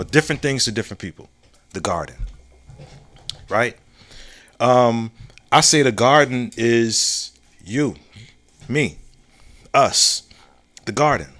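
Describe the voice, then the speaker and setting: Speaking in a mid-range voice with lively intonation and a fairly bright tone, a man runs his own podcast as a casual solo monologue. He reflects out loud, repeats important phrases, leans on slang, and regularly asks "you know what I'm saying?", all in drawn-out, laid-back phrasing full of restarts.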